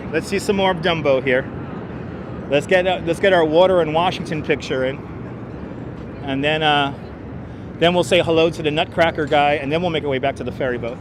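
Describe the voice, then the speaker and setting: Chatty, high-voiced man streaming outdoors. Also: moderate pace. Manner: chatty, playful, bursts into loud yelling and sing-song calls. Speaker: live streamer. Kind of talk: walking live stream. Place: outdoors in a city and in an elevator. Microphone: wireless clip-on mic. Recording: street noise clearly behind.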